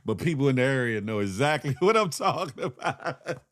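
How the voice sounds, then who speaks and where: A man's voice: mid-range voice, sing-song, brisk. A man hosting a morning show, giving playful, laughing comedic commentary. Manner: playful, laughing, slips into impressions.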